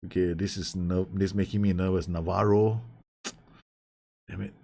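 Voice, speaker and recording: A man giving excited, nervous live commentary on his own football management game, swearing and shouting orders at his players. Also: sits low, moderate pace. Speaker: gaming YouTuber.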